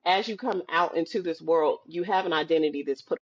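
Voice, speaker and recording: A woman guest on a podcast, chatting casually and telling lively stories, acting out the voices of the people she quotes. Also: low-pitched, fairly quick, highs cut off. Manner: animated storytelling, acts out quoted voices. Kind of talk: casual chat. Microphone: video call.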